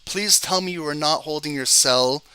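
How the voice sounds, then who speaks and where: A man's voice: fairly high pitch, moderate pace, pushed and bright, clear, resonant tone, dry recording. A man giving live screen-share trading commentary, talking straight to his viewers, exasperated, often repeating words as he explains. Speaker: trading educator.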